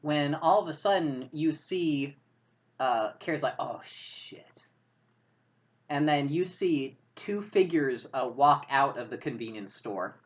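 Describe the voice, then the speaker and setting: Woman game master, low-pitched, easygoing narration, muffled lo-fi audio. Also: animated, unhurried. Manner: loose, casual narration with many fillers.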